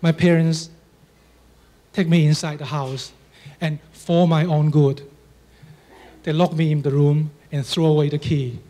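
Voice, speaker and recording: Slow, mellow man with a Chinese accent. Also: fairly high pitch, level tone. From China. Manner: dry, understated humor with measured pauses. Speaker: storyteller. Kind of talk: live stage storytelling.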